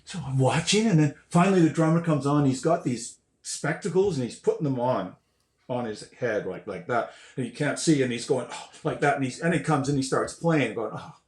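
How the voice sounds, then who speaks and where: Older man telling animated stories, roomy sound. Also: mid-range voice, a little fast. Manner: animated, swears, acts out quotes and sounds. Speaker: guest musician. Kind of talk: casual storytelling. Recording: roomy echo.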